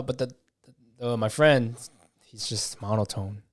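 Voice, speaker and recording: A man's voice: medium pitch, lively intonation, normal speed, no room sound, studio quality. A young man co-hosting a podcast, chatting in an easygoing, slangy way and often checking in with "right?". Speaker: podcast co-host. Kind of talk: casual chat.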